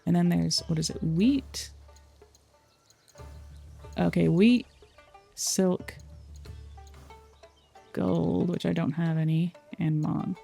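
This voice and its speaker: A woman's voice: on the low side, steady tone, slow, vocal fry, pauses often, warm tone, slightly rough, faint music behind. A woman streaming a game in casual commentary, thinking aloud, reading game text out and repeating words back.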